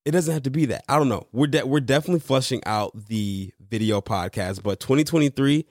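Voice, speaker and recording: A man's voice: mid-range voice, a little fast, dry recording, clean studio sound. A man co-hosting a casual podcast with his wife, playful and teasing. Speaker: podcast co-host. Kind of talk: casual chat.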